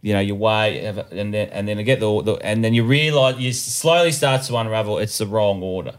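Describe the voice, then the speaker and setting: A man's voice: fairly low pitch, a little fast. A man, a guest comedian telling a rambling, sweary story on a casual podcast. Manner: rambling, full of restarts and swearing.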